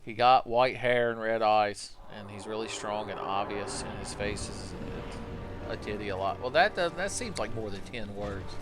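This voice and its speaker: A man's voice: lowish voice, normal speed, crowd noise. A man streaming a game live, chatting casually and joking as he rambles through questions from his chat.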